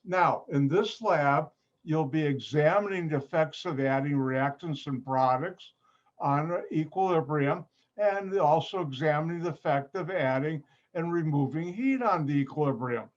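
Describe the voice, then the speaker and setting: Slow-talking man lecturing over a video call. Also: on the high side. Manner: unhurried, breaks up sentences with pauses. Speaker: chemistry instructor. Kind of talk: online lab lecture. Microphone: computer mic on a video call. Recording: dull, muffled video-call audio.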